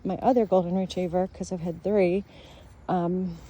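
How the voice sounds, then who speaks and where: Woman vlogger, warm and mellow tone, casual and emotional, rambles with lots of fillers. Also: fairly low pitch, steady tone, moderate pace. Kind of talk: casual chat.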